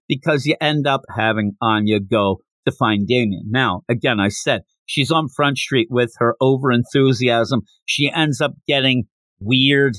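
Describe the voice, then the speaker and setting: Recapping a manga chapter on his podcast, a man speaks at a measured pace with a medium pitch. He stays casual but animated, jumping into character voices, and there is no room sound.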